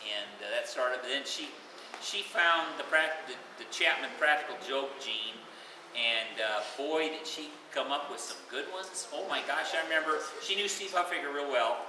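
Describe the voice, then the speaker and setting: A man's voice: on the high side, normal speed. A man at his retirement party telling stories in a chatty, rambling way, laughing now and then, recorded from far off in an echoey, noisy hall. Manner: chatty, full of filler and restarts, laughing. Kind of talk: casual storytelling.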